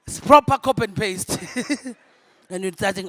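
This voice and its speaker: A young woman with a South African accent whose first language is Zulu, performing a stand-up comedy set. She laughs often and swings from loud, punchy lines to hushed asides. Her voice is close and dry, with almost no room sound. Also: mid-range voice, expressive, a little slow, no echo. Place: convention ballroom.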